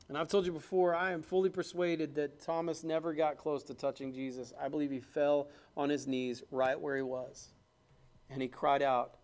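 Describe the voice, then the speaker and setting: Guy preaching at church, kinda high voice, goes from shouting fast to real quiet, reads king james bible lines. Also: fairly even intonation. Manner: swings from loud, high, fast exclamation to low, hushed emphasis; quotes scripture in King James wording. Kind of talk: sermon. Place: church service.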